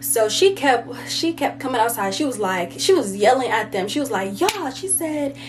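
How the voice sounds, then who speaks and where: A woman's voice: a little high, lively intonation, moderate pace, over music. Chatty woman rambling through a story. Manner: rambling, with many fillers like "like" and "you know"; slangy and conversational. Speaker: vlogger. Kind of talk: casual storytime.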